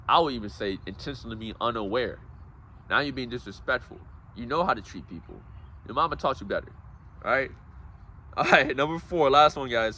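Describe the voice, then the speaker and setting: A man's voice: medium pitch, sharp tone, a little hiss or hum. A man giving a casual, preachy motivational talk, calling his listeners guys and bro. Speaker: self-help speaker.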